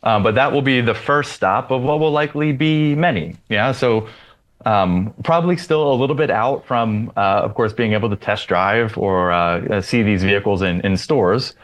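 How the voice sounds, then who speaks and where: A man answering as an interview guest, measured and halting, with frequent fillers. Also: on the low side. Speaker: interview guest, company strategist. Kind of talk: remote interview.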